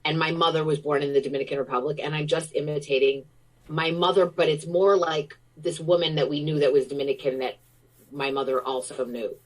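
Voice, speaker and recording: Speaking as an interview guest, this middle-aged American woman has a notably deep voice and an effusive, eager manner, letting anecdotes tumble out casually. Her tone stays steady, her pace is fairly quick, and the audio is weak.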